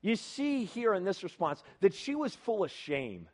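A young man preaching on a Bible passage in a casual, animated way, acting out the people in the story. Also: high-pitched, a little slow. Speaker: pastor.

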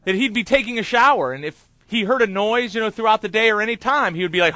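A man's voice: high-pitched, expressive, quick pace, few pauses, bright, forceful tone, dry recording. A man preaching a sermon, telling a long story in a chatty way with many fillers.

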